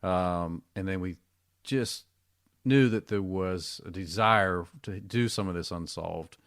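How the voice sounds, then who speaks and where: Low-voiced agreeable male podcast co-host. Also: slow pace, fairly bright tone, no echo, clean studio sound. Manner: agreeable, chimes in with short replies. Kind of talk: casual podcast chat.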